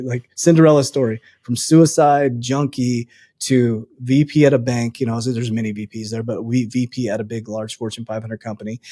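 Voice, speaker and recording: Guy on a podcast telling his story, mellow dark voice, dry sound, does the voices of people he quotes. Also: mid-range voice, dry recording. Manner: animated storyteller, acts out quoted dialogue. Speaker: guest, coach. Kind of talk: storytelling in an interview. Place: lives in Arizona.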